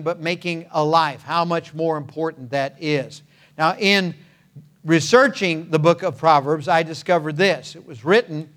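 Earnest older male preacher, fairly high voice. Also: fairly bright tone. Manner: earnest preaching with repeated phrases and pauses. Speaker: pastor. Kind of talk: sermon.

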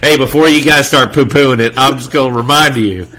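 A man co-hosting a sports podcast in casual chat, jokey and quick to laugh. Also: medium pitch. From North Carolina. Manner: animated, laughs often, jokey. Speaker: podcast co-host.

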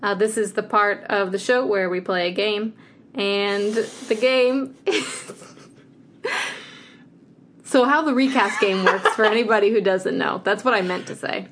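A woman's voice: mid-range voice, fairly even intonation, measured pace, noisy background. A woman co-hosting a casual chat podcast, playful and chatty as she runs a game segment. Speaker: podcast co-host.

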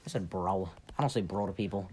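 A man's voice: low voice, fast, dark tone, a little hiss or hum. A young man chatting casually, telling rambling, exaggerated stories. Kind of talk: casual chat.

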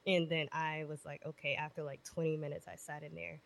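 Woman, twenties, lowish register, lively profane storyteller for a casual chat show. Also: fairly quick, creaky. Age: 20s. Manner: animated, profane, acts out voices in her stories.

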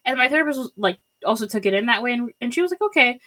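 A young woman tells a long personal story in an easy, chatty way. Her voice sits a little high and sounds bright and clear. She piles up fillers and slips into quoting others as she goes. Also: expressive, rapid-fire. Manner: rambling, filler-heavy, acts out quotes. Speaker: storyteller guest.

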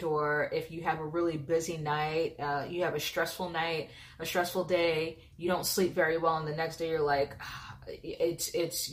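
Young female nutrition coach, informal and talkative, slightly lower pitch, fond of fillers and check-ins. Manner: chatty, informal, lots of "like" and "okay?". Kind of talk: casual educational talk to camera.

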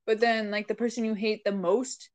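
Give me a woman with a fairly high voice chatting on a podcast, full of self-deprecating jokes and sudden loud outbursts, recorded on a very dry mic with no room sound. She should sound casual and playful. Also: level tone, normal speed, no echo. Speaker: podcast co-host. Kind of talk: casual comedic chat.

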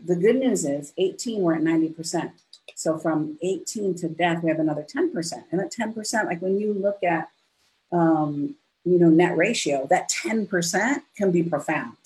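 Her voice sits low, and the audio quality is poor. She's a middle-aged business coach guesting on a podcast, expressively acting out dialogue as she tells stories in conversation and frequently adding "right?" to the end of lines.

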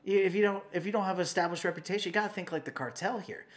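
A man with a fairly high-pitched voice talks through his points on a casual podcast. He explains at length and earnestly, and keeps pressing the same idea. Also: racing. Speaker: podcast co-host.

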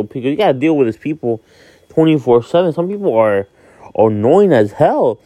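A man's voice: a little high, expressive, a little fast, mellow, no room sound. Candid young man rambling, dry sound. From Miami, Florida. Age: 20s. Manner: rambling, candid, swears freely, many fillers. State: sleepy, yawning. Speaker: vlog host. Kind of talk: casual monologue.

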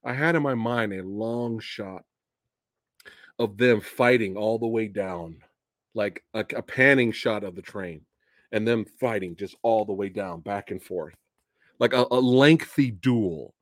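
A man hosting a casual livestream movie review, excitable and profane, often bursting into high laughter. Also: a little slow, no room sound, studio quality. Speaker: podcast host.

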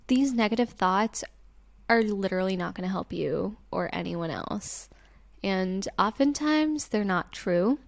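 A young woman hosting a talk show, speaking earnestly and gently, giving reassuring personal advice. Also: medium pitch, animated, a little slow, gravelly. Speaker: podcast host.

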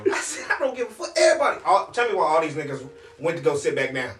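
A man's voice: fairly high pitch, big pitch swings, quick pace, fairly bright tone. A man telling a profane story in casual chat, animatedly acting out the voices of the people in it. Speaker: podcast co-host telling a work story. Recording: echoey room, distant mic.

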